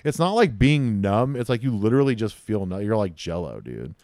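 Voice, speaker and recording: A man's voice: on the low side, sing-song, brisk, darkish tone, no echo. A young man in casual chat, laid-back and swearing freely, filling his talk with "dude" and "bro".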